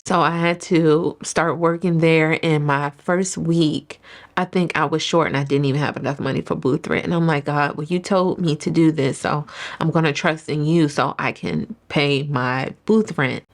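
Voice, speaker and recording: A woman, a salon owner, giving an earnest personal faith testimony in an interview, telling her story in an animated way. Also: sits low, moderate pace.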